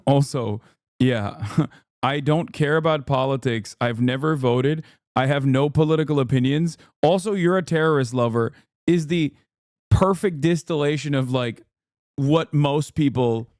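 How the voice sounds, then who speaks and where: A man's voice: medium pitch, darkish tone, dry recording, studio quality. A man streaming live, reading viewer chat aloud with amused sarcasm and breaking into mock voices. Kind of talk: casual live-stream reaction.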